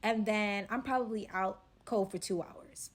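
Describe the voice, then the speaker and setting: A woman telling a casual storytime, animated and quoting people in lively bursts. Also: mid-range voice, unhurried.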